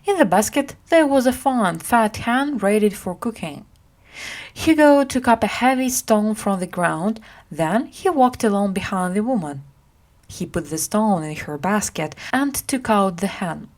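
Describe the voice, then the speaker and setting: Slow expressive woman reading a story. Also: medium pitch. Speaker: reader. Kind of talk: graded-reader audiobook narration.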